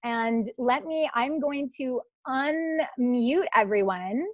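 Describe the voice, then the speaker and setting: Woman hosting a webinar, slightly high voice, unhurried pace, encouraging and affectionate, video call sound, dry. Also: no echo, dull audio. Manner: warm, encouraging, affectionate with the audience. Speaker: host of a live online masterclass. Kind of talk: live webinar Q&A.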